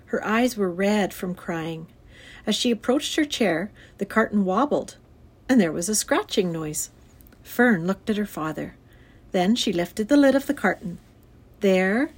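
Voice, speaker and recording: A woman teacher reading a children's novel aloud to her class in a clear, expressive storytelling voice. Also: medium pitch. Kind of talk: read-aloud children's book.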